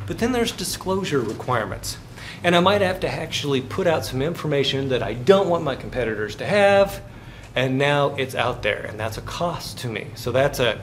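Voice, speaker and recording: A man's voice: a little high, a little hiss or hum. A man lecturing a finance class in a chatty way, telling stories and throwing questions at the students. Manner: chatty, tells anecdotes, quizzes the class.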